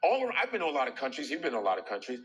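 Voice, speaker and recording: An American man, a performer, in casual podcast chat, talking in an animated, profane way and laughing often. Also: medium pitch, very fast, poor audio. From United States.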